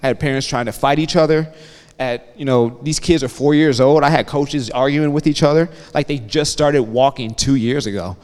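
Energetic man talking in a reverberant hall. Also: medium pitch, normal speed. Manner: energetic storyteller, checks in with the audience. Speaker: guest speaker. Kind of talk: motivational talk to students. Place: campus hall.

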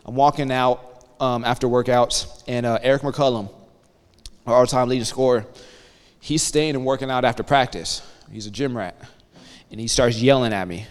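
Male guest speaker, 30s, mid-pitched and energetic, motivational storytelling to students, long hall echo. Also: normal speed. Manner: energetic storyteller, checks in with the audience. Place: campus hall.

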